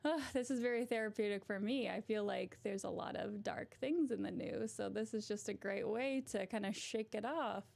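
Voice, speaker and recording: A woman's voice: mid-range voice, moderate pace, gravelly, hardly any pauses, darkish tone. A young woman hosting a casual livestream, chatty and giggly as she talks to her viewers. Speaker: livestream host.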